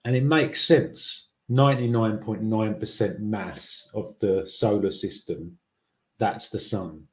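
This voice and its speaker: A man's voice: on the low side, slow. A man hosting a podcast, talking casually and thinking aloud, with frequent fillers and restarts. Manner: musing, with many fillers and restarts. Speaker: podcast host. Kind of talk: casual monologue.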